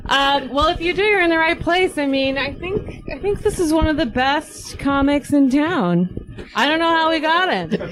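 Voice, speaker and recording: A woman co-hosting a live show, teasing and unhurried, warming up the crowd before bringing on a comic. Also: high-pitched, lively intonation, low-quality recording. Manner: teasing, unhurried, laughs between lines. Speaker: show co-host.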